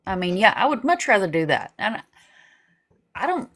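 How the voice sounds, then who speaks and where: A middle-aged woman spinning a story in casual conversation, animated and full of acted-out dialogue. Her voice sits at an ordinary middle pitch for a woman. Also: normal speed. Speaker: missing-persons advocate who live streams vigils. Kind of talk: casual chat.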